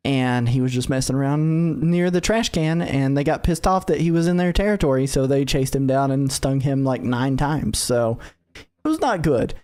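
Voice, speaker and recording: A man's voice: medium pitch, normal speed, darkish tone, clear, resonant tone. Brief: man in his thirties, podcast co-host, rambling anecdote teller, mid-range voice. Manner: rambling storyteller, acts out quotes. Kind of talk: casual chat.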